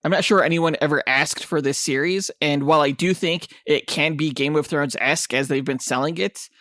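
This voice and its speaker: An enthusiastic man co-hosting a comic book podcast, chatting eagerly about upcoming projects. His voice sits a bit higher than most men's. The sound is close and dry. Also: fairly quick, fairly bright tone, no echo. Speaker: podcast co-host. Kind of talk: casual podcast chat.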